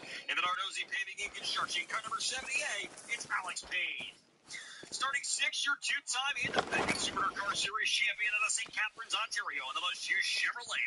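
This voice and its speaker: A man announcing a dirt track race, calling out drivers with booming, drawn-out introductions. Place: dirt racetrack. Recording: loud engine noise behind.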